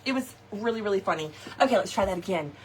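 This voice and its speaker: A middle-aged woman, hosting a live crafting chat, animated and laughing often as she tells stories to her viewers. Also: mid-range voice, fast, husky. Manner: animated, laughing often, folksy slang, talks to viewers directly. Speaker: craft shop host.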